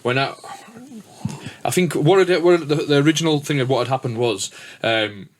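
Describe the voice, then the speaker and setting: A man's voice: medium pitch, moderate pace, a little hiss or hum. A man with a northern English accent hosting a podcast, telling rambling stories with lots of swearing and restarts. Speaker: podcast host and DJ. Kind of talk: casual podcast chat.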